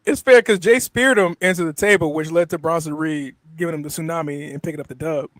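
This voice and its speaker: Man, fairly high voice, casual wrestling podcast co-host, quotes the wrestlers, dry close mic. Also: fast, a bit bright, no echo. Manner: recaps events by quoting wrestlers, laughs often.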